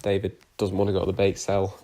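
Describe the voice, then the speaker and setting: A man's voice: sits low, completely flat delivery, fast talker, warm tone. A young man giving a casual, rambling review of soap opera episodes, with lots of fillers and restarts.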